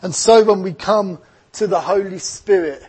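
A man's voice: sits high, normal speed, a little mellow, breathy edge. A man with an Essex English accent preaching a sermon as a pastor, earnest and reflective, mixing scripture with personal stories.

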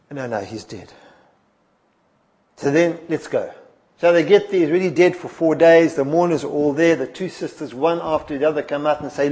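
High-voiced man preaching with dramatic swings. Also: moderate pace. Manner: expressive storytelling, dropping soft then rising emphatic. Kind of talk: sermon.

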